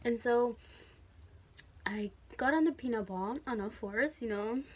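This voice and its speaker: Chatty young woman with a high voice. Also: unhurried, darkish tone, slight background noise. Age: young adult. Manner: chatty, frank, uses slang and swearing. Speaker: vlogger. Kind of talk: casual storytelling to camera.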